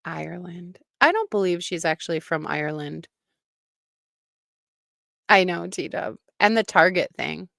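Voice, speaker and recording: A woman's voice: fairly low pitch, animated, measured pace, creaky, long pauses, fairly bright tone, no echo, studio quality. A woman hosting a livestream, giving blunt, mocking reaction commentary, swearing freely.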